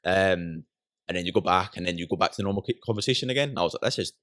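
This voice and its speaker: A young Scottish man chatting casually as a podcast guest, rambling quickly and often asking "you know what I mean". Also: sits low, fairly bright tone, no room sound, studio quality. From Scotland. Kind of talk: casual chat.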